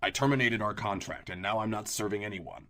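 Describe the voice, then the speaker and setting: A man voicing a guarded young man, a former bodyguard who speaks in terse, measured lines. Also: fairly low pitch, sharp tone. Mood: earnest.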